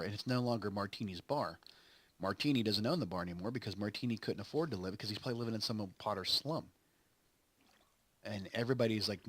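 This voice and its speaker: A man's voice: fairly high pitch, fairly bright tone, no echo. A man hosting a gaming channel, casually and ramblingly retelling a story, quoting lines as he goes. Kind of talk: casual recap while playing a game.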